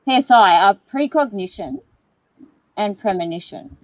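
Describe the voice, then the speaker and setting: Lively-voiced woman livestream co-host. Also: mid-range voice, moderate pace, no echo, low-quality recording. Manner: lively, chatty, laughs easily. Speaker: paranormal channel co-host. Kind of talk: casual livestream chat.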